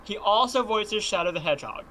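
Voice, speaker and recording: A man's voice: high-pitched, lively intonation, fairly quick, background noise. A man chatting casually on a live stream, eagerly sharing trivia and stammering as he starts.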